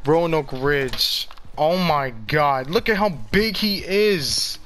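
Excitable swearing male gamer. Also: fairly high pitch, slow pace, soft background music. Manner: excitable, swears a lot, shouts in amazement. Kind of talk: casual gameplay commentary.

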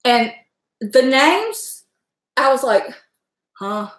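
A woman's voice: mid-range voice, fairly bright tone, echoey room. A middle-aged woman from Southwestern Virginia with a Southern accent, chatting casually with her livestream viewers and laughing often. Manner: chatty, rambling, quick to laugh. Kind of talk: casual chat.

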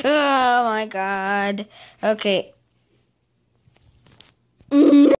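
Woman, fairly high voice, slow and drawn-out delivery, casual gameplay commentary, frustrated exclamations at the game. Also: expressive. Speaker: gaming channel host.

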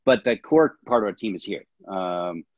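A man with a very low voice explains his filmmaking choices as a director and historian, earnest and thorough. The sound is dry and dull, like a lo-fi call. He speaks in plain conversational sentences. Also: animated, normal speed, no room sound. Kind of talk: casual interview answers.

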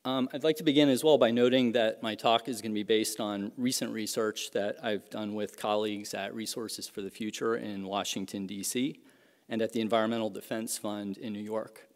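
A middle-aged male professor delivers an academic lecture in a fairly low voice, measured and careful, pausing with fillers and restarting phrases. The sound carries a long reverb from the lecture hall. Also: fairly even intonation. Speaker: economics professor.

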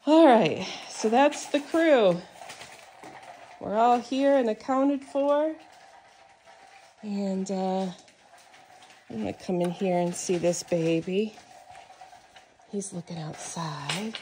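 A woman filming a casual vlog, talking gently to rescued cats in soft, soothing baby talk. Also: mid-range voice, animated, takes it slowly, long pauses, a little hiss or hum. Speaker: cat rescuer.

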